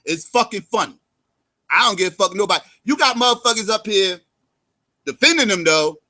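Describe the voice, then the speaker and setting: A man telling a story as a commentator, cursing heavily, calling his viewers family, and swinging between loud outbursts and low mutters. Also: expressive, a little fast. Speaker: YouTube commentator.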